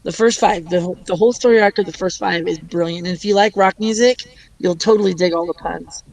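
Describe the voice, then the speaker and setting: A man's voice: sits high, fairly quick, gravelly, darkish tone, poor audio. A man chatting eagerly on a podcast and laughing easily. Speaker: podcast guest. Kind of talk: casual chat.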